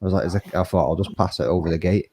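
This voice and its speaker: A man's voice: sits low, steady tone, racing, a little mellow, slightly rough. A man telling stories in casual, sweary chat. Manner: sweary, storytelling.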